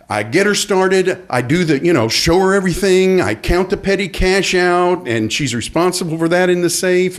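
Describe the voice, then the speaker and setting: A middle-aged man telling a personal story on stage, acting out the people in it. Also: fairly high pitch. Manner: animated, acts out quoted voices. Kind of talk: live storytelling.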